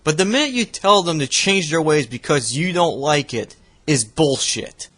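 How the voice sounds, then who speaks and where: A man's voice: a little high, normal speed. Sarcastic, cussing young man commenting. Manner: sarcastic, profane, swings from calm to loud outbursts. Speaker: reaction video host. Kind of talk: commentary on rant videos.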